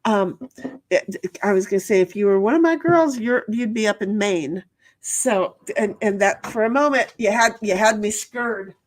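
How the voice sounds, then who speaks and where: A woman's voice: medium pitch, moderate pace. A woman hosting a casual livestream, chatting with her viewers in a rambling, profane way full of restarts. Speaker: livestream host reading chat.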